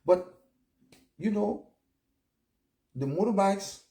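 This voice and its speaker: Man, fifties, Liberian English accent, somewhat high voice, blunt and chatty, casual vlog commentary. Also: animated, takes it slowly, dark tone. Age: 50s. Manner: blunt, chatty, keeps asking "all right?" and "you know?". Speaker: vlogger.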